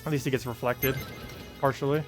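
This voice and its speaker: Man mumbling quick game commentary. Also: mid-range voice, fairly even intonation, over music. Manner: quick, mumbled play-by-play talking to himself. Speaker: gaming streamer. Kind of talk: casual live-stream commentary.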